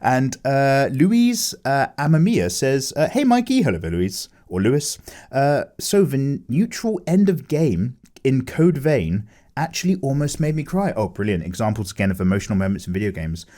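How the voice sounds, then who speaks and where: A man casually chatting with viewers while drawing, animated, with lots of fillers as he reads chat aloud. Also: mid-range voice, moderate pace. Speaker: art streamer chatting with viewers.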